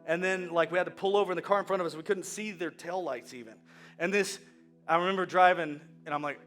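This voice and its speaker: Male pastor, bright forceful tone, animated sermon, soft music underneath. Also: a little high, fast. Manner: animated storytelling, swinging from hushed to loud.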